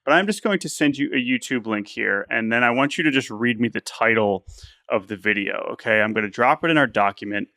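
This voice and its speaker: A man co-hosting a sports podcast in casual chat, animated and laughing often, restarting his words as he thinks. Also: mid-range voice, fairly quick, no room sound, studio quality. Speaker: podcast co-host.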